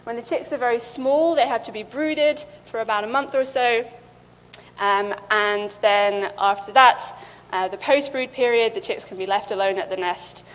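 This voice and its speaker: A woman's voice: on the high side, normal speed. A young woman, a PhD student, giving a conference talk, presenting steadily with the odd filler. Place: lecture hall. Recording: lecture hall with long reverb.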